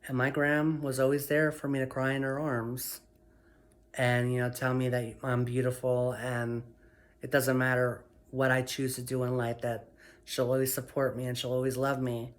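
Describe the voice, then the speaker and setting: A woman sharing her personal story in a vlog, emotional and heartfelt, speaking softly and affirming herself again and again. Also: a bass voice, flat delivery, moderate pace. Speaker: vlogger.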